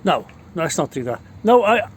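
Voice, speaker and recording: A man's voice: fairly high pitch, very animated, moderate pace, slight background noise. A middle-aged man with a Liverpool accent telling rowdy, boastful stories in casual talk, swearing constantly. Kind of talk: casual storytelling.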